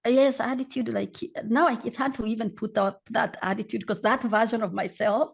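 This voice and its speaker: A woman in her forties from Kenya, a guest candidly telling her own story in an interview and acting out the shouting in her quotes. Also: fairly high pitch, fairly even intonation, normal speed, vocal fry, breathy edge.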